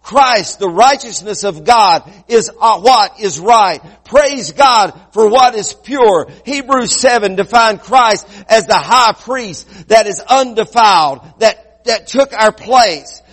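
A man preaching a sermon as pastor, swinging between loud quick bursts and low slow passages. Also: lively intonation, long reverb tail.

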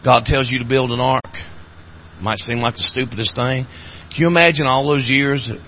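A man with an Appalachian accent preaching a sermon, telling folksy stories in a voice that climbs high and cracks when he is moved. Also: steady tone, normal speed, dull audio, slight background noise.

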